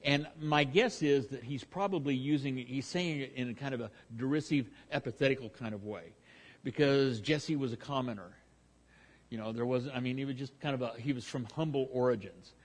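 A man's voice: mid-range voice, a little fast. Guy preaching thru a bible chapter, chatty, lots of ums and restarts. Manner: conversational, with frequent restarts and fillers. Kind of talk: verse-by-verse Bible teaching.

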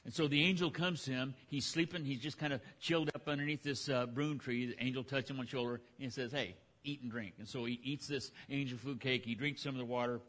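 A man preaching a sermon in a relaxed, conversational way, retelling scripture in everyday speech. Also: medium pitch, quick pace, few pauses. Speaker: pastor.

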